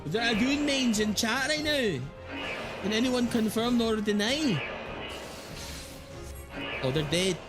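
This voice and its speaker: A man from the Philippines streaming a game live, chatting casually with his viewers and excitedly reading game text aloud. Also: very high voice, slow, long pauses. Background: game music.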